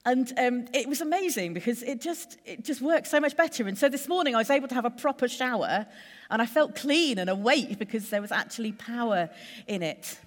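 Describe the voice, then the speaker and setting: A woman preacher giving a sermon in a measured, conversational way, building lists with steady pauses. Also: on the high side, long reverb tail.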